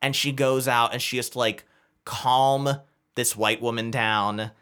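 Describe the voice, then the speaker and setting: A man co-hosting a podcast, chatting casually and retelling film scenes in an animated way. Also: mid-range voice, clear, resonant tone. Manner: animated, retells scenes with quick quoted voices. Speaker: podcast co-host. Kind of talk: casual chat.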